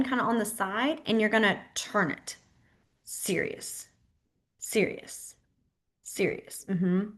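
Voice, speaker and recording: Woman, teacher, casual chatty instruction, lots of "like" and "um", slow repeated words. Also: a little high, a bit bright. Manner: chatty, repeats words slowly while demonstrating signs; frequent fillers like "like" and "um". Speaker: sign language teacher. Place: library classroom.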